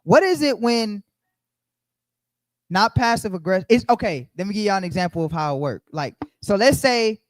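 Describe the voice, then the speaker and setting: A man's voice: sits high, lively intonation, normal speed, no room sound. A man leading a Bible study, preaching conversationally and emphatically, repeating his key phrases as he speaks straight to the group.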